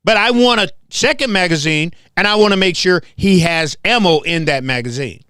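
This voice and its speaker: A man's voice: high-pitched, normal speed, bright, forceful tone, clear, resonant tone, dry recording, clean studio sound. A man from Memphis hosting a heated commentary monologue, confrontational and emphatic, hammering points home by repeating them. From Memphis, southern US. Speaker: host.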